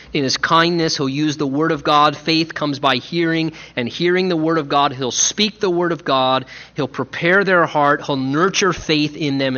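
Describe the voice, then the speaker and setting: A man, a pastor, preaching a sermon and acting out the people in the story in his own voice. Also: a little high. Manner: animated, acts out biblical voices in his own voice. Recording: lo-fi dull sound.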